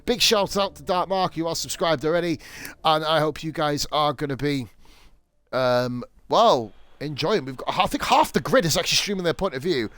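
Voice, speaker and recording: A young man commentates a sim racing stream in a slightly high voice. He rambles, swears freely and cracks jokes between laps. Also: normal speed, fairly bright tone, no echo.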